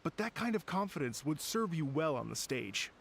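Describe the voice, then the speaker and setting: Courteous festival organizer. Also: male voice, a little high, big pitch swings, normal speed, vocal fry, a bit bright, a little hiss or hum, exaggerated voice. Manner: courteous, slightly hesitant. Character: polite adult male event organizer. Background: game music.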